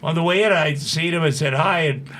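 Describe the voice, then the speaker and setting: A man in his sixties with a somewhat high voice, sitting in a studio as a guest and telling fight stories in a profane, animated way. He rushes through some lines and slows down on others, and he acts out the quotes. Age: 60s. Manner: profane, animated, fast-talking storyteller who acts out quotes. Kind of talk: casual storytelling.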